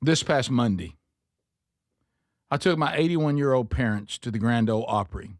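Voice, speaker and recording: A man hosts a talk show, reading a listener's email aloud at a mid-range pitch. He breaks off now and then for wry asides to his co-hosts. The studio sound is close and dry, with no room echo. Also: expressive, normal speed. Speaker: radio talk show host.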